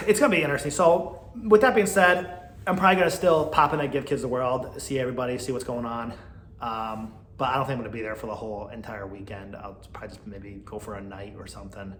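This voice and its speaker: A man's voice: fairly even intonation, fairly quick. Chatty man ranting in an echoey room. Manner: chatty and gossipy, swinging between loud outbursts and mumbled asides; mocking, mimics others in a high whiny voice. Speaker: podcast host. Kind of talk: casual solo podcast rant. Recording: echoey room with faint background noise.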